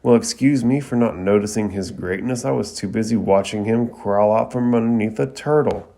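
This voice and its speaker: A brash, loud young ninja boy, as a man puts him on with his voice pushed up from its low, gravelly base. He mocks and blurts out everything as the anime scene is retold. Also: moderate pace. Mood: brash mocking.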